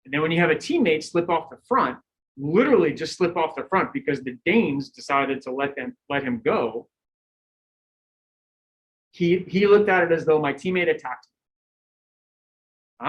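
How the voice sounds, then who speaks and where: Middle-aged man, coach, lecture, animated storytelling, somewhat high voice. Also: moderate pace, long pauses, low-quality recording. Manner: animated storytelling, acting out quotes, laughing. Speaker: cycling coach giving a lecture. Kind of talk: lecture with anecdotes.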